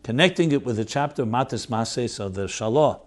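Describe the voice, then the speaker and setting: Guy teaching a religious lecture, earnest and explaining every term, medium pitch. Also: expressive, brisk. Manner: earnest, explanatory, weaves in Hebrew terms and glosses them. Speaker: host and teacher of Chassidic thought.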